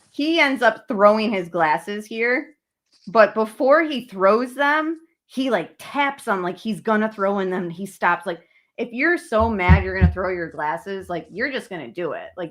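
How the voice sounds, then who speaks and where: A woman's voice: medium pitch, fairly bright tone. A woman giving casual commentary, breaking down a video in a chatty way, full of fillers. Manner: chatty, filler-heavy analysis.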